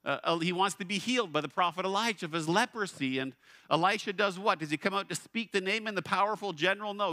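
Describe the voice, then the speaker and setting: A male pastor preaching a sermon, expressive and emphatic, often posing rhetorical questions. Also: a little high, no room sound, studio quality. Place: church.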